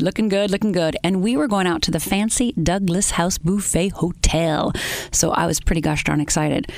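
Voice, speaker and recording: A woman interview guest telling her personal story in an earnest, halting way, with many pauses. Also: mid-range voice, no echo.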